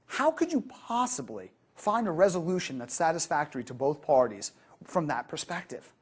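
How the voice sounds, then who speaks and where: A woman delivers a customer-service training lecture in a lively, animated way. Her voice sits on the low side and has a husky edge. She slips into the voices of the customers she quotes.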